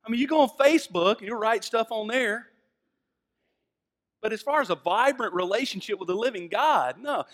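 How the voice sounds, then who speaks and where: Male pastor, Southern American accent, high voice, fervent, hushed to booming. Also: expressive, moderate pace. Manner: fervent, swings from hushed to loud emphatic preaching. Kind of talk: sermon.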